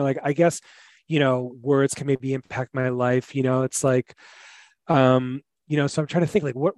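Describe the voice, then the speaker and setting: A man hosting a podcast, relaxed and chatty, with lots of fillers. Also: mid-range voice, no room sound. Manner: relaxed, many fillers like "like" and "you know". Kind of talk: casual podcast conversation.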